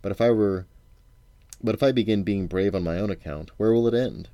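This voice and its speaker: A man reading aloud as a frightened woman who speaks with calm resolve. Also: fairly low pitch, fairly quick, no echo, lightly acted. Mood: resolute. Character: frightened but brave woman, quietly resolute.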